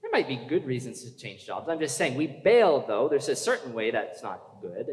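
A man's voice: mid-range voice, big pitch swings, moderate pace, a little mellow. A man preaching a sermon in a conversational way, asking the congregation questions and building to urgent emphasis. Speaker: pastor. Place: church hall. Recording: echoey hall with long reverb.

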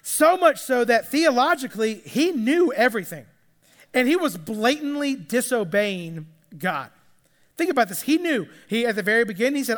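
A man with a very high voice preaches in an easy, chatty way, stumbling and repeating words as he goes. The sound carries a long hall reverb. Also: very animated, normal speed, fairly bright tone. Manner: conversational, repeats words when restarting. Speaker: pastor. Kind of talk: sermon.

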